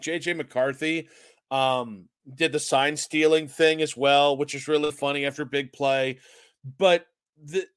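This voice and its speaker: This sports podcast co-host has a fairly high voice with a slightly bright, clear, resonant tone, and he rambles casually, mocking himself and often slipping into giggles. The recording is dry and close, with no echo or room around him.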